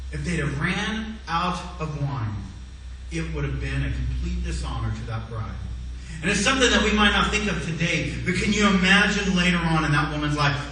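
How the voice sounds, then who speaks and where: A male pastor delivers a sermon, his voice bright and forceful, slightly higher than most men's. He swings between loud exclamations and quiet, low phrases. The recording is heavily echoey and picked up from some distance across the church. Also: a little hiss or hum. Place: church sanctuary.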